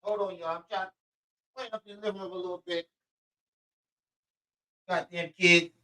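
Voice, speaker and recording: This livestream host has a high voice, fairly even intonation, and talks fast, with no room sound. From his living room he chats casually with viewers, curses freely, and laughs at himself while reading comments, profane and relaxed.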